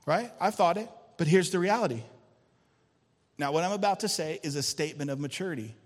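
A male pastor preaching a sermon to his church, shifting between loud emphatic lines and quiet intense ones and calling out for amens. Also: on the high side, brisk, big-room sound. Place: church sanctuary.

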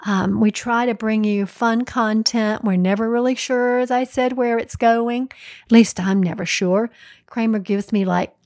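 A woman's voice: a little high, steady tone, darkish tone, no echo, studio quality. A middle-aged woman co-hosting a podcast, giving a chatty, story-filled pep talk. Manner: slow, chatty storytelling with frequent laughs. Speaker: podcast co-host. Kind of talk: solo pep talk monologue.

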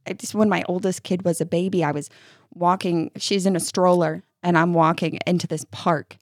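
A woman's voice: lowish voice, normal speed, no room sound. Woman telling parenting stories, dry sound. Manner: animated storyteller, acts out soothing lines, laughs often. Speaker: podcast co-host. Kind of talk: casual parenting chat.

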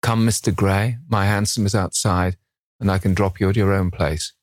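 A man's voice: low-pitched, fairly even intonation, normal speed, dry recording, clean studio sound, lightly acted. A man voicing a witty, cynical Victorian aristocrat who drawls out languid epigrams.

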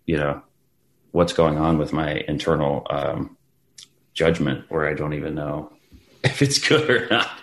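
A man's voice: a bass voice, measured pace, pauses often. A man, an actor guest, chatting casually in an interview, telling stories with lots of restarts and laughter. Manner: animated storyteller, acts out quotes, laughs often, many restarts.

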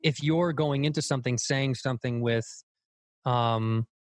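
A man's voice: mid-range voice, a little slow, no room sound. A man talking loosely and animatedly as a guest comedian on a casual podcast, swearing now and then.

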